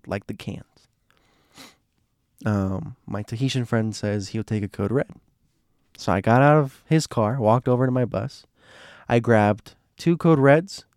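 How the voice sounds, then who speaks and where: A man's voice: mid-range voice, no echo, clean studio sound. A young man talking casually to his viewers in a rambling, digressive way, restarting his sentences often.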